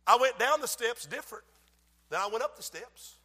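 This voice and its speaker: A male preacher with a very high voice, acting out stories in his sermon. He drops to a hush and then rises to a shout. His bright, sharp tone rings out through the long reverb of a large hall. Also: a little fast. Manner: animated, swings from hushed to shouting. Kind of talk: sermon with acted-out story.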